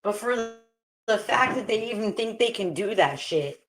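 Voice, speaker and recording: A woman's voice: on the high side, expressive, moderate pace. A woman hosting a casual livestream, chatting with viewers and her dogs, swearing often and breaking into laughter. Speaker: livestream host.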